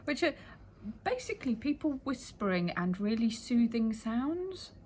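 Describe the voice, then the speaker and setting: A woman's voice: on the high side, very animated, measured pace, darkish tone, slightly rough, low-quality recording. A woman getting her nails done at home, chatting and rambling through long, loose explanations. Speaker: client, the host's sister. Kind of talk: casual chat.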